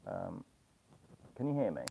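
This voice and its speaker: Very deep with huge pitch swings and vocal fry, a middle-aged man with a slight Birmingham accent speaks a little slowly. He hosts a casual live stream from a small home alcove on a headphone mic, rambling through viewer comments aloud with lots of ums. The audio is phone-quality with background noise.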